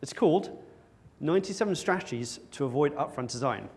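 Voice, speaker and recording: Lively intonation and a slightly fast pace mark this man's fairly high voice. Addressing an audience from a conference stage, he's wry, repeatedly making fun of himself.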